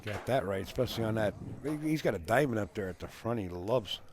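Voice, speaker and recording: Chatty male pool commentator, low voice. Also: lively intonation, fast talker. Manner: chatty, reads viewer comments aloud. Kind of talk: casual live-stream commentary.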